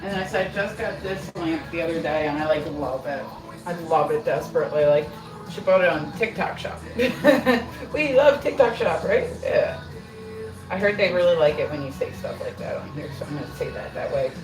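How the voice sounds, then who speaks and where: Woman, middle-aged, chatty self-deprecating livestream talk, low voice, roomy kitchen echo. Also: brisk. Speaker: livestream host. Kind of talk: casual livestream chat while baking. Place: home kitchen. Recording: roomy echo, mic at a distance. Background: music playing.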